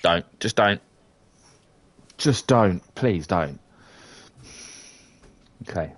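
A British man giving chatty let's-play commentary, muttering at the game with sing-song hums and sudden high exclamations. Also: lively intonation, drawn-out words, no echo. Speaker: gamer playing for his sons.

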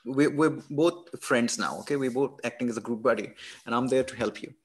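A male tutor guiding a candidate through practice over a video call. He is reassuring and friendly in how he talks, at a middle pitch. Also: a little fast, breathy edge. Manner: encouraging, reassuring. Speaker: exam tutor. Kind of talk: coaching over a video session.

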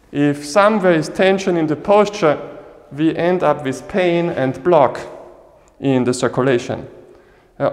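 Slow, patient qigong teacher in a hall. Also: male voice, a little high. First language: Chinese. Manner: short slow instructions in simple non-native English. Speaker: qigong instructor. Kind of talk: guiding a live class.

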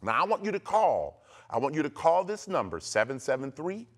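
A man's voice: a little high, big pitch swings, a little fast, fairly bright tone. A man from the United States preaching a televised sermon, emphatic and rhythmic, with lots of repetition. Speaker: pastor.

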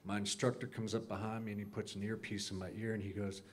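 A man in a church class recounting a long dream in detail, acting out the lines of the people in it and clearing his throat often. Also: on the low side, flat delivery, quick pace, slight background noise. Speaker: class member sharing a dream.

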